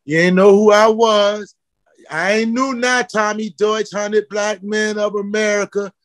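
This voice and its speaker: A fiery man, speaking in a fairly high register. He preaches and calls people out with question after question. His voice sounds close and dry, with no room echo. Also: flat delivery, unhurried. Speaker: footwear company founder. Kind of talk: passionate interview talk.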